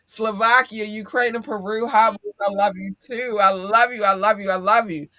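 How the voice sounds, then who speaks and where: A woman's voice: medium pitch, steady tone, normal speed, sharp tone, no echo, studio quality. A woman co-hosting a podcast in casual chat, effusive and affectionate, laughing often as she talks to listeners. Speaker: podcast co-host.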